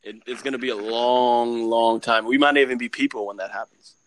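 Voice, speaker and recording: A man's voice: mid-range voice, fairly even intonation, brisk, no room sound. A young man co-hosting a podcast in casual chat, rambling and laughing often as he talks. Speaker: podcast co-host.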